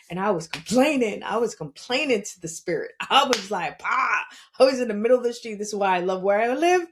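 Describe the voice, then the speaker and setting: Animated New York woman telling her story. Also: mid-range voice, a little fast, slight background noise. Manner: animated storytelling with frequent laughs; blunt and salty. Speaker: podcast host. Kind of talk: casual spiritual monologue.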